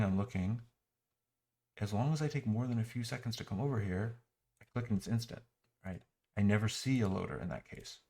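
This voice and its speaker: In a screen-recorded software critique, a man mutters sarcastically and with exasperation as he clicks through an app. His voice is fairly low and mellow, with vocal fry.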